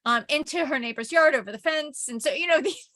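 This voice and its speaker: Woman professor, higher-pitched voice, loose chatty lecture delivery, tells stories. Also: fast talker, bright, forceful tone. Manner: chatty anecdotal storytelling with frequent "like" and "right?". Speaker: communication professor. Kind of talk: informal recorded lecture.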